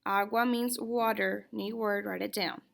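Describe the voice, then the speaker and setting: Patient female teacher, unhurried lecture delivery, a bit of fry in the voice. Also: mid-range voice, steady tone. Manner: slow and patient, checks in with "okay?". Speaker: Spanish teacher. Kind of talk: recorded classroom lecture.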